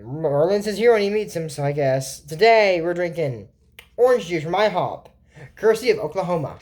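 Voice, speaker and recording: A woman with a somewhat low voice talks her way through a cartoon episode for her channel at home. She rambles and circles back, filling gaps with fillers. It is an unscripted, chatty recap. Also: lively intonation, brisk, a little mellow. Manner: rambling, with many fillers and restarts. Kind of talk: casual recap commentary.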